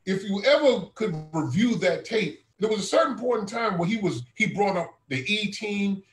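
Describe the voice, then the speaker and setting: High-voiced man telling a testimony, echoey. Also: expressive, moderate pace. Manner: earnest, conversational, keeps addressing the listener as brother. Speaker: student regional minister. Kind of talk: testimony storytelling.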